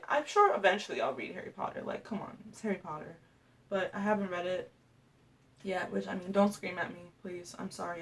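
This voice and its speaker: A woman's voice: mid-range voice, far from the mic. A young woman ranking books in a casual vlog, chatty and gushing, with lots of fillers and restarts. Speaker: booktuber.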